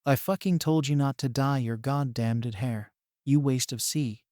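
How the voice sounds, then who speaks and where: A man's voice: mid-range voice, measured pace, warm tone, no echo, natural voice. A man voicing a vain, bullying middle-aged mother who sneers and swears, read in a dry, close sound. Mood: sneering.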